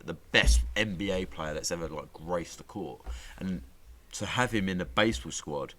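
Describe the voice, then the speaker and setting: A man chatting casually on a podcast, animated and slightly tipsy, swearing freely. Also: low voice, normal speed. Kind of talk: casual chat.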